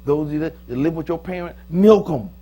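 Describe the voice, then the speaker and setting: A pastor preaching a sermon in a joking, lively manner, with sudden loud, high bursts. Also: male voice, a little fast. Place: church.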